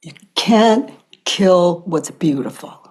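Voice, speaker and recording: An older woman hosting a podcast, speaking softly and reflectively, often sinking into whispers between long pauses. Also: on the low side, animated, slightly rough. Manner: soft-spoken, drifting into whispers, long pauses. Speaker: podcast host. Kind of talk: slow reflective spiritual talk.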